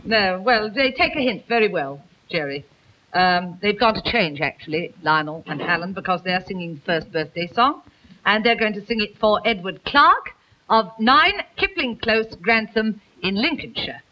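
A woman's voice: mid-range voice, lively intonation, normal speed, a little hiss or hum. A woman presenting a light entertainment TV programme, chatting and teasing the musicians before reading out birthday greetings in a studio. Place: television studio. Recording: dull lo-fi 1950s TV recording.

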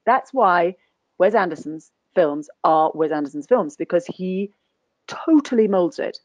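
A woman's voice: fairly low pitch, lively intonation, unhurried, no echo, highs cut off. A woman guest actor speaking in a conversational webinar interview, thoughtful and anecdotal, often restarting her sentences. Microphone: video call.

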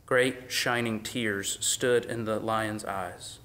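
A man preaching a sermon, shifting between loud, emphatic peaks and hushed whispers, with a conversational, casual way of talking. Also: on the low side, fairly even intonation, slow. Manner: conversational, uses "like" often. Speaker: pastor.

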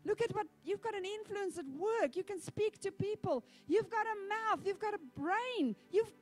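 Sermon role, woman speaking as God, urging and encouraging, high and rising. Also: animated, normal speed.

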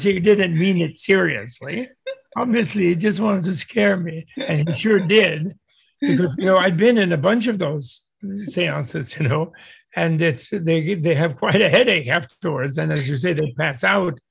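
An older man speaks casually as a guest, storytelling with a very gravelly, husky voice. His pitch sits a little high, and he wanders off course with frequent restarts and chuckles. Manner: digressive, with many restarts and chuckles.

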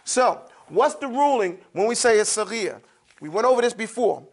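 A man teaching Quran recitation in a classroom lesson, patiently repeating sounds slowly and checking in with his listeners often. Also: high voice, expressive.

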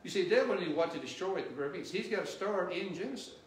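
A male missionary preacher delivering a sermon, quizzing the congregation with questions and growing loud and emphatic at his peaks. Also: sits high, lively intonation, very fast. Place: church sanctuary. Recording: roomy church echo, distant mic.

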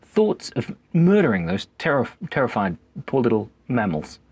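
Husky man in his thirties. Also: medium pitch, sing-song, moderate pace, a little mellow. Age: 30s. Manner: playful, breaks into animal noises and laughs. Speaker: vlogger. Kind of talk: rambling comic monologue. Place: backyard cubby house.

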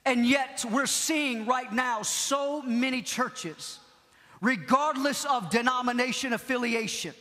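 A man preaching a Pentecostal sermon, impassioned, repeating key phrases and shouting at the peaks. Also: very high-pitched. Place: large church hall. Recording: long hall reverb.

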